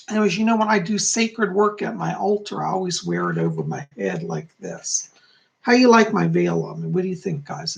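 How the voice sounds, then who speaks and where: A man chats casually with his viewers on a live stream, upbeat and talkative. His voice carries a gravelly, creaky edge. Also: high voice. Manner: chatty and upbeat, greeting viewers by name. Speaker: psychic hosting a live stream.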